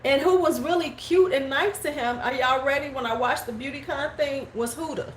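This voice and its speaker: A woman in her forties chats on a live stream in a gossipy, animated way, her voice pitched a little high. She jumps into squeaky quoted voices now and then. The sound is roomy and echoey, with a faint noise behind her. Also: moderate pace. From United States. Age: 40s. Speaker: beauty vlogger. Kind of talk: casual live-stream chat.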